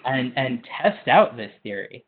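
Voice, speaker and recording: A man's voice: medium pitch, big pitch swings, a little slow, slightly rough. A man co-hosting a podcast in casual chat, rambling with lots of filler words. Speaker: podcast co-host. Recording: tinny phone-like line.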